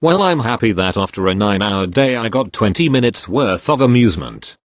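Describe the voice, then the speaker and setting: Guy reading retail stories out loud, lively up-and-down voice, dry close mic. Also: lowish voice, brisk, dry recording. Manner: expressive storytelling delivery. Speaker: story reader. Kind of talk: reading online posts aloud.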